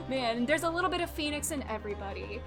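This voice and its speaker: Chatty giggly woman streamer, fairly high voice, game music behind. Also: expressive, fast talker. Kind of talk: casual let's-play commentary.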